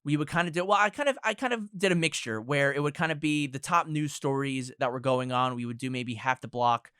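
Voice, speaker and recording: Brief: quick, clear-voiced young male guest, hedging rambler, dry close-miked sound. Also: fairly high pitch, pushed and bright, dry recording. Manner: hedging, rambling, many kinda and like fillers. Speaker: podcast guest. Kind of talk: casual podcast chat.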